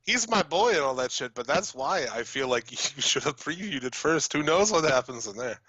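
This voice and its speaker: A man's voice: mid-range voice, sing-song, normal speed, pushed and bright, breathy edge, no room sound, lo-fi sound. A man co-hosting a podcast, laid-back in casual chat, laughing easily and swearing. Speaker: podcast co-host.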